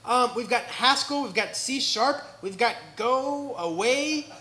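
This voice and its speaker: A man with an American accent giving a live tech talk at a meetup, energetic and joking, often checking in with the crowd. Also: extremely high pitch, a little slow, roomy sound, heavy background noise. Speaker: conference speaker. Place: indoor meetup venue.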